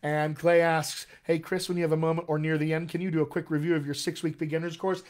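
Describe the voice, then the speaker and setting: An upbeat male dialect coach teaches a live online class. His voice sits high for a man, and he keeps checking in with his viewers with a cheerful "all right?" His delivery is chatty and encouraging. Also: level tone, quick pace. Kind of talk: live-streamed voice lesson.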